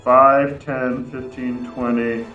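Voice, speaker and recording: A man playing a tabletop game, deliberately counting out his moves. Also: medium pitch, flat delivery, reverberant, narrow, tinny audio, loud music behind the voice. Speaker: player. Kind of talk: casual tabletop play.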